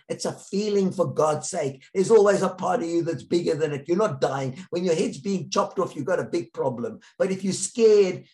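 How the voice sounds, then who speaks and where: Passionate older man, animated delivery. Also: on the high side. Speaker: interview guest, pediatrician.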